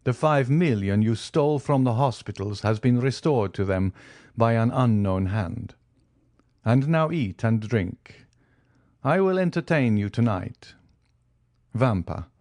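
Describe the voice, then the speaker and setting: A man voicing a stern male count, speaking slowly, solemnly and deliberately. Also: mid-range voice, animated, a little mellow, no echo, clean studio sound. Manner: slow, solemn and measured.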